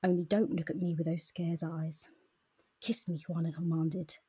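A woman co-hosts a casual book chat and reads passages aloud in a soft, near-whispered way. Her voice sits low and mellow, with a very breathy, husky grain. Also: level tone, moderate pace. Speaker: podcast co-host.

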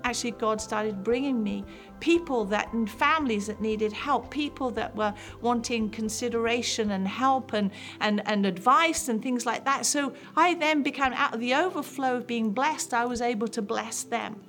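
A woman's voice: fairly high pitch, expressive, moderate pace, a bit bright, soft background music. A woman pastor in her fifties sharing a heartfelt personal testimony with mothers, in an earnest storytelling manner.

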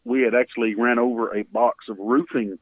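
Heard through a dry, tinny phone connection with no room sound, this radio guest from Texas talks a little fast at medium pitch with fairly even intonation. He recounts a story sincerely and gives heartfelt voice to the people he quotes.

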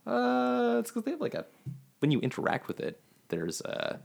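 A man, a software engineer, explaining his work in a casual podcast chat, halting and restarting, then rushing ahead. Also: very high voice, wildly swooping pitch, vocal fry.

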